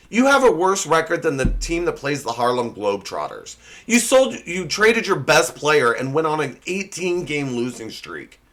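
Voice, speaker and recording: A man's voice: fairly high pitch, bright, forceful tone. Sarcastic young man roasting things. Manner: sarcastic, mock-insulting, laughs at own slips. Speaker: comedy show host. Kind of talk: scripted comedy roast monologue.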